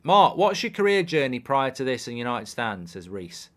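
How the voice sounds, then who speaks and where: A man's voice: medium pitch, big pitch swings, moderate pace, a bit bright. A man in his thirties hosting a live football watchalong, casually chatting and reading viewer questions aloud in a dry, offhand way. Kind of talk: casual live-stream chat reading comments.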